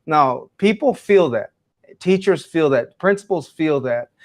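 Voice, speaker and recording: A man's voice: a little high, lively intonation, a little slow. A man who is a guest in an interview, an education speaker answering in a passionate, emphatic, preacherly way.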